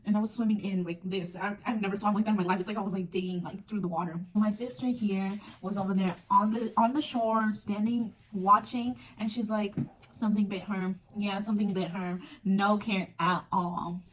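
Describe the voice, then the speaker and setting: A woman's voice: mid-range voice, steady tone, fairly quick, few pauses. A young woman casually telling a personal story on her vlog, chatty and full of fillers, acting out moments as she goes. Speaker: vlogger. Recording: distant mic with faint noise.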